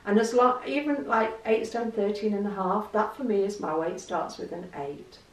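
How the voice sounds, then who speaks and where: A woman's voice: mid-range voice, normal speed. An English woman vlogging in a chatty storytelling way, laughing easily as she talks. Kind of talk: casual chat to camera. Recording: roomy echo, distant mic.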